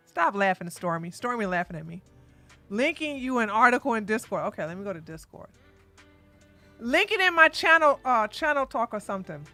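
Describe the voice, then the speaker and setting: Brief: high, bright woman streamer, lively chatter, dry mic with soft music under it. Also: moderate pace, no echo. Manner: animated, chatty, swings to loud outbursts. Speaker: livestream commentary host. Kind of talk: casual livestream commentary.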